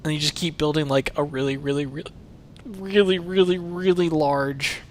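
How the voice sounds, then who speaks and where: A man's voice: a little high, normal speed, slight background noise. A man streaming a video game, chatting casually and rambling as he plays, sometimes swearing. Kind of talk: casual livestream commentary while playing.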